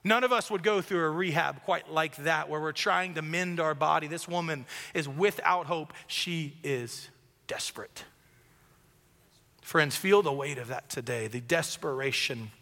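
A man's voice: a little high, normal speed, gravelly, few pauses, bright, forceful tone. A young man, preaching an earnest, casual sermon to a large church congregation and often saying "like". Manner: earnest, casual, many filler "like"s. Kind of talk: conversational sermon. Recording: long hall reverb.

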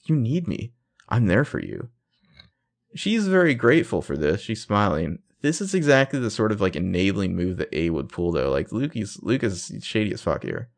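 A man with a fairly low voice co-hosts a relaxed podcast. He retells a TV episode scene by scene, slipping into the characters' dialogue as he goes. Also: brisk, few pauses. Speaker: podcast co-host recapping a TV episode. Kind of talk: casual chat.

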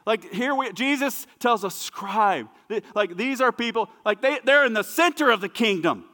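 Bright high-voiced pastor preaching. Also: male voice, expressive, normal speed, in a large hall. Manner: emphatic, repetitive preaching that drops to hushed asides. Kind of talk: sermon. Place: church sanctuary.

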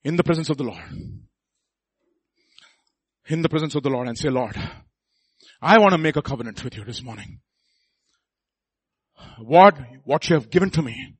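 A man preaching a sermon, swinging between quiet asides and loud exhortation and calling the congregation to repeat after him. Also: on the high side, fairly quick, long pauses, no room sound. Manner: calls the congregation to repeat lines.

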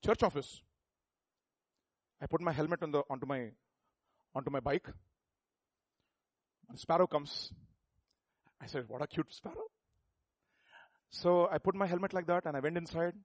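Husky-voiced pastor preaching. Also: male voice, on the high side, moderate pace, long pauses, no echo. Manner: animated, rhetorical questions, builds to emphatic peaks. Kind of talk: sermon.

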